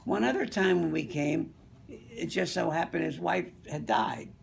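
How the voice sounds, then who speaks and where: A man's voice: a little high, measured pace, creaky, a little hiss or hum. An older man from the Pittsburgh area telling rambling, fond anecdotes in a casual way. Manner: rambling, fond, with many you-knows. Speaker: storyteller.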